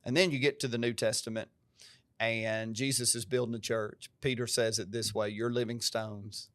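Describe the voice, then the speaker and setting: Man, pastor, country twang, emphatic preacher-like manner, mid-pitched voice, dry close sound. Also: little pitch movement, normal speed, fairly bright tone, dry recording. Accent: American country twang. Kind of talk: podcast conversation.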